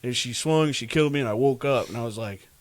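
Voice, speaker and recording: A man co-hosting a podcast in casual chat, recounting a story with animated delivery, frequent laughs and fillers. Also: medium pitch, quick pace, no room sound. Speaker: podcast co-host.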